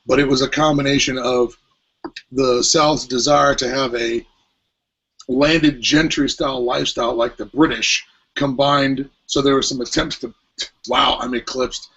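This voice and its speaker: A man's voice: medium pitch, steady tone, unhurried, a bit bright, husky. A man co-hosting a podcast, talking in a rambling, hesitant way with many fillers. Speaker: podcast co-host. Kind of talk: casual podcast discussion. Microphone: headphones with mic at home. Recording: dull lo-fi podcast audio.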